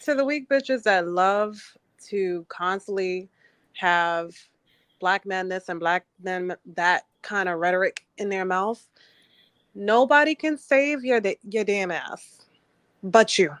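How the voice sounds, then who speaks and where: A woman's voice: medium pitch, slow, fairly bright tone, smooth, dry recording. A woman co-hosting a casual podcast, making sassy, emphatic declarations. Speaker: podcast co-host.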